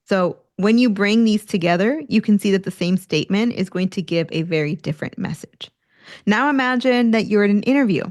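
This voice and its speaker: An energetic woman hosts a career-coaching podcast in a clear, mid-pitched voice, speaking fairly quickly and directly to the listener. She acts out examples of tone shifts as she teaches and laughs now and then. The mic is close in a dry room with no room sound.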